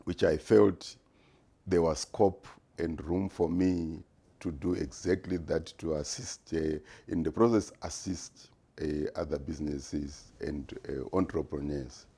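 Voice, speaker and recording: A man in his sixties, a retired business executive answering interview questions in a measured, deliberate way with frequent pauses. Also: rumbling low, steady tone, warm tone, breathy edge. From Zimbabwe. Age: 60s.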